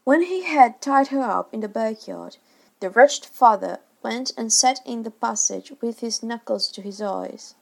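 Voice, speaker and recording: A woman reading a classic children's story aloud with expressive, varied delivery. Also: on the high side, unhurried, creaky. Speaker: reader. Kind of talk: storybook narration.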